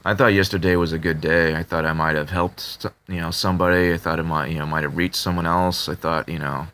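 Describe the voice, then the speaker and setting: A man talking casually to his subscribers, halting with many fillers and restarts, in a flat tone that can sound annoyed. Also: sits low. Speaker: video creator talking to subscribers. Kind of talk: casual confessional talk to camera.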